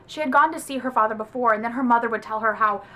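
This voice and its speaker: Bright-voiced chatty woman. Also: a little high, fast talker. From American South. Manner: chatty, animated, heavy use of "like". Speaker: book reviewer. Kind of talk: casual book review vlog.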